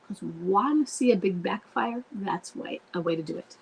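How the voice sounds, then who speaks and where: A woman's voice: medium pitch, animated, normal speed, gravelly, slight background noise, low-quality recording. A woman coaching spouses in a live online Q&A, talking earnestly and directly and breaking off to act out what to say. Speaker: marriage coach answering viewer questions. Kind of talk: live Q&A advice talk. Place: home, streamed live online.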